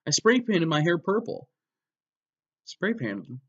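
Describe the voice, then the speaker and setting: A man giving a mock-dramatic reading of a story, breaking off for wry, deadpan sarcastic asides. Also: fairly high pitch, takes it slowly, slightly rough, dull audio. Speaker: comedic reader.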